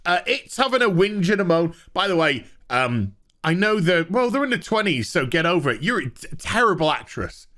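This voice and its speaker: A man's voice: high-pitched, sing-song, moderate pace, few pauses, pushed and bright. A man reviewing a TV show in a sarcastic, swearing rant, laughing at his own jokes. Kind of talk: ranting casual commentary.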